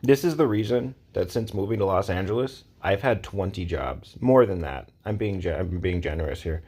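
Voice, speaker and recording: A man's voice: low-pitched, moderate pace, a little mellow, slightly rough. A man ranting to camera in a casual, exasperated way, repeating his points and asking rhetorical questions. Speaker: vlogger. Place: Los Angeles area.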